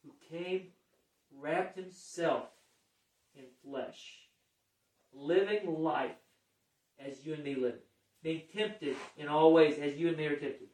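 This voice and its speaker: Emphatic preacher man in an echoey room. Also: a little high. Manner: emphatic, dramatic swings from hushed to raised. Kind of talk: sermon. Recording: echoey room, mic at a distance.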